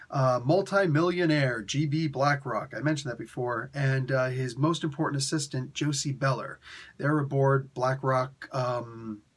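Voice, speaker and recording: A man recapping a comic story in relaxed, casual talk. His voice sits in a middle pitch and leaps high whenever he voices the characters' lines. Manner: animated storytelling, acts out character quotes with pitch jumps. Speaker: comic book reviewer.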